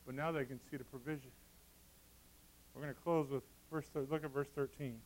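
A male pastor preaching a sermon, acting out scripture scenes with dramatic swings between hushed and loud. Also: medium pitch, steady tone, fairly quick.

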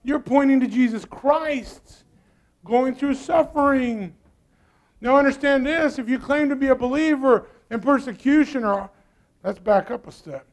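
A man's voice: very high-pitched, unhurried. A male pastor preaching a sermon in a church, calling out to the congregation and using folksy phrasing. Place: church sanctuary.

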